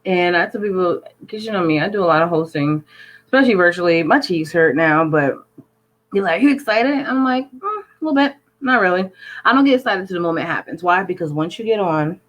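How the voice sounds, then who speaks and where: Lower-voiced woman co-host, casual and playful, animated storytelling with laughs. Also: brisk, dull audio. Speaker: co-host and virtual event host. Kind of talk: casual chat.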